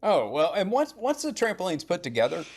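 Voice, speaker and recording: A middle-aged man telling animated, blunt and profane stories in casual podcast chat. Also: high voice, a little fast, breathy edge.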